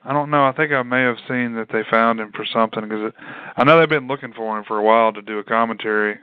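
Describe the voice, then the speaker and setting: A man co-hosting a podcast, easygoing and quick to laugh, swearing casually as he talks about movies. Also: mid-range voice, clear, resonant tone, dry recording. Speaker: podcast co-host. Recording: dry, phone-like band-limited sound.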